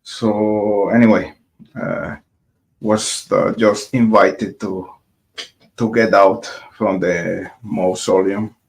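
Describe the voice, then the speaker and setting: A man from Colombia, narrating a casual vlog in English and pausing often between words. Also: on the low side, level tone, vocal fry. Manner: hesitant, many filler pauses. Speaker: vlogger.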